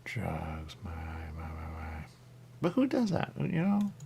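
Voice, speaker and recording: Guy on talk radio rambling on, gravelly husky voice, lots of questions, pitch all over. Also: huge pitch swings, slow pace, mellow, slight background noise. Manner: rambling, thinks aloud with many questions. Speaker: radio show host. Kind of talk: casual talk-radio chat.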